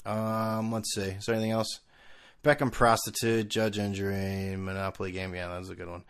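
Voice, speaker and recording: A man's voice: lowish voice, monotone, a little fast, clean tone. A man hosting a podcast on his own, talking in a rambling, self-mocking way with bursts of laughter. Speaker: podcast host. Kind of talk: casual solo podcast chat.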